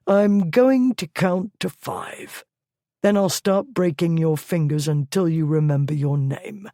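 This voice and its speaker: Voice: mid-range voice, slow pace, warm tone, no echo, studio quality, lightly acted. A narrator voicing a stern nobleman, a duke who talks in a cold, clipped, threatening way. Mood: menacing.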